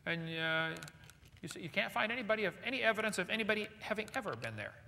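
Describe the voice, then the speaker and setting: A man giving a lecture to a live audience in a large hall, animated and jokey, firing rhetorical questions at the crowd. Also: high-pitched, quick pace, gravelly, a little hiss or hum. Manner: jokey asides. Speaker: seminar speaker. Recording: long hall reverb.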